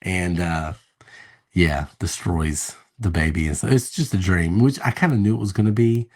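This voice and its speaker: A man's voice: sits low, normal speed. A man co-hosting a podcast, chatting loosely about a movie in a laid-back, rambling way with casual swearing. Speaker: podcast co-host. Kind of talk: casual movie review chat.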